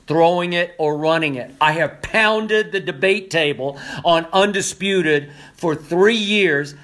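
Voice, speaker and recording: An older man giving impassioned sports commentary, emphatic and repetitive, hoarse from losing his voice. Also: fairly high pitch, a bit bright.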